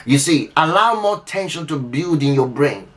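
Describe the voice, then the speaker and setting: A man's voice: on the high side, animated, normal speed, fairly bright tone. Emphatic man giving relationship advice. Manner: emphatic, repeats and restarts phrases, addresses listener directly. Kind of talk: unscripted advice talk to camera.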